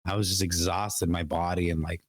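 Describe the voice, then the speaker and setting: Low-voiced sick young male podcast host. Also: level tone, a little fast, dry recording. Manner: rambling, repeats words, laughs often. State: sick with a cough. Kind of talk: casual gaming podcast chat. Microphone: podcast mic.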